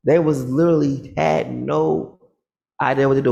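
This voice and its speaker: Male vlogger with a heavy rasp and fry, confrontational and boastful, acts out every voice in his story. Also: medium pitch, moderate pace. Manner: animated, acts out the other people's lines in the story. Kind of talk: casual storytelling to camera.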